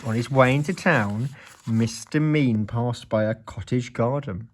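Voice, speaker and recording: A man reading a children's story aloud in an expressive, playful way. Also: mid-range voice, unhurried.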